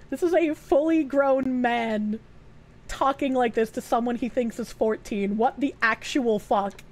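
A woman's voice: high voice, animated, a little slow. A young woman streaming live, reading messages aloud and reacting in a blunt, profane, openly disgusted way.

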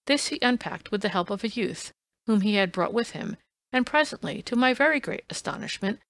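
Gravelly woman narrating an audiobook. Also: medium pitch, a bit bright, dry recording. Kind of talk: scripted narration.

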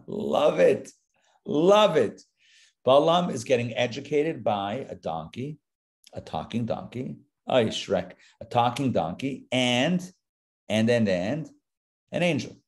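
A man's voice: mid-range voice, animated, slow, pauses often. A male rabbi teaching a live Torah class, talking conversationally and dropping joking asides as he reads the text.

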